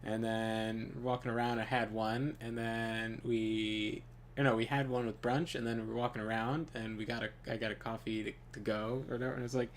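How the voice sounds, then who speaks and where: A man's voice: mid-range voice, level tone, fairly quick, slight background noise. A man hosting a gaming video, telling a casual story while he plays, rambling with lots of fillers and frequent laughs. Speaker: gaming channel host.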